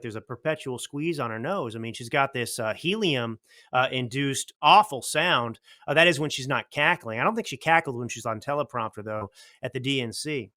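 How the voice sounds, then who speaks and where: A man hosts a political commentary talk show in a bright, forceful voice. He is blunt and combative. He fires off rhetorical questions. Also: mid-range voice. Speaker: show host.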